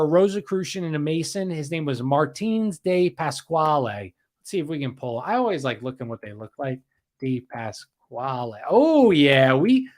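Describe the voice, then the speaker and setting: A man hosting a casual livestream history podcast, rambling, repeating himself and reading out viewer comments. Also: on the high side. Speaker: podcast host.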